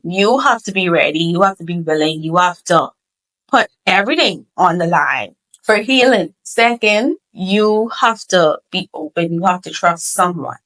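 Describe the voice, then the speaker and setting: A young woman shares her testimony with earnest, preacherly conviction, hammering her points home through repetition. Her voice sits fairly low. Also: fairly bright tone, rough recording. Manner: earnest, preacherly, repeats phrases for emphasis. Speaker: podcast guest. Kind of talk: emotional testimony.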